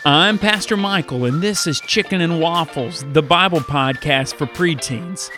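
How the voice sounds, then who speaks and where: An animated male pastor hosts a Bible podcast for preteens, moving between storytelling and teaching. His voice sits a bit high and stays upbeat, with faint music under it. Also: a little slow.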